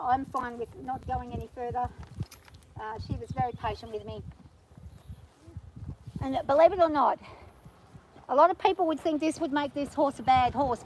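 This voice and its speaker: A woman vlogging from horseback on her farm, talking nervously and gently soothing her horse. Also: on the high side, noisy background. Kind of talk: casual spoken vlog.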